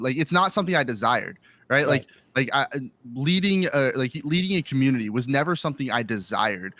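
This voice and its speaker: A man's voice: medium pitch, animated, a little fast, a bit bright, no echo. A man, a Christian streamer, talking casually in a panel discussion with many fillers.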